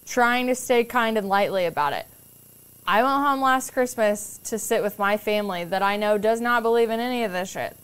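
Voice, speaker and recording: A woman's voice: mid-range voice, normal speed, a bit bright, smooth. A young woman telling stories as a podcast guest, candid and casual, swearing freely and acting out other people's voices. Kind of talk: casual storytelling chat.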